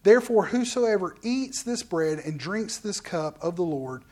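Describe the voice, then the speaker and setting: A pastor preaching a midweek sermon in a conversational way, jumping from loud exclamations to soft, hushed asides. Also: mid-range voice, animated, a little slow.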